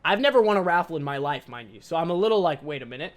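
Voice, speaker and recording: A young man hosting a podcast, telling a story in a casual monologue, animated, self-mocking and swearing freely. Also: on the high side, very fast. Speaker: podcast host.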